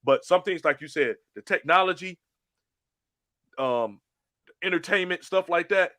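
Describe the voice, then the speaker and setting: 남자 밝고 건조한 목소리로 생생하게 이야기하는 토크쇼 진행자. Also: male voice, high voice, a little slow, dry recording, studio quality. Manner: animated storytelling, acts out phone menus. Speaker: show host. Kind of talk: casual podcast chat.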